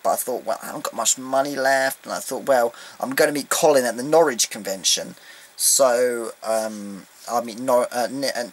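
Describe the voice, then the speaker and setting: A man chats into the camera at home, rambling and excitable, his talk full of ums and restarts. His voice sits at an everyday middle pitch. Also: poor audio. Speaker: vlogger. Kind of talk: casual fan vlog recap. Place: indoors at home, beside his collection.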